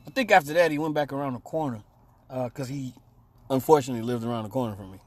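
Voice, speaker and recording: A man's voice: medium pitch, quick pace, darkish tone. A man on a radio talk show telling a rambling, profane story and acting out the quotes. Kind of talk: casual storytelling chat.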